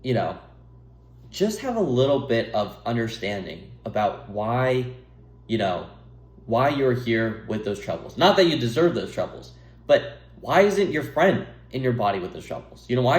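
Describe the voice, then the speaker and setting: A man's voice: medium pitch, big pitch swings, normal speed. A young man giving rambling, earnest advice to camera, breaking off to laugh at himself and drift off topic. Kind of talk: rambling casual monologue to camera. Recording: echoey room.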